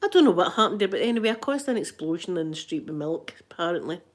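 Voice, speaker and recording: A woman's voice: fairly low pitch, quick pace. Chatty Scottish woman telling stories. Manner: animated storyteller, laughs often. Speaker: vlogger and grandmother. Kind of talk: chatty ASMR vlog.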